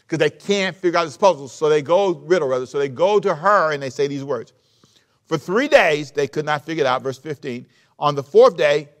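A man with a somewhat high voice delivers a sermon, reading scripture and then breaking it down in everyday speech. He repeats key phrases and turns to his listeners with direct questions. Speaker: preacher.

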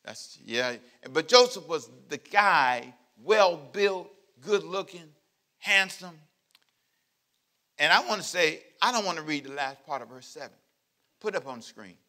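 A male pastor delivering a lively sermon, playful and full of jokes, calling out to the congregation. His voice is bright, forceful and a little tense, set somewhat high for a man. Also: unhurried. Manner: playful, joking preacher who acts out scenes; calls out to the congregation.

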